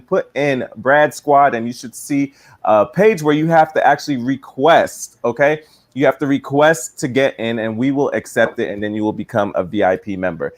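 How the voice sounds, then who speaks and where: A man co-hosting a live-stream show, upbeat and instructive as he tells viewers directly what to do. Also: medium pitch. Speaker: co-host. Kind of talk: live-stream promo explanation.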